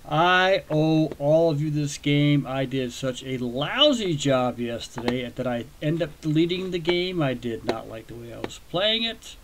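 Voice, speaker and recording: A man's voice: on the high side, slight background noise. A man hosting a baseball video game session, chatting casually with viewers and rambling into self-deprecating asides.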